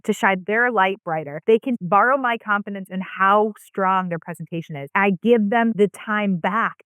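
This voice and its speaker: Woman podcast guest, emphatic and upbeat, mid pitch, dry close mic. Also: no echo. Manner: energetic, emphatic, animated. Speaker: presentation design expert, guest. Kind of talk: podcast interview.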